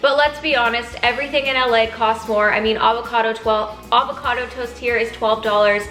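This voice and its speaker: A woman's voice: a little high, steady tone, a little fast, a bit bright, faint music behind. Upbeat woman reviewing food, echoey room. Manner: enthusiastic, tasting food between lines. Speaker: food vlogger.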